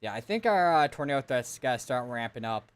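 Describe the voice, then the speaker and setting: A man's voice: medium pitch, sing-song, brisk, clear, resonant tone. A man giving live severe weather coverage, reading out storm reports and town lists and correcting himself as he goes. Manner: thinks aloud, reads town lists, corrects himself often.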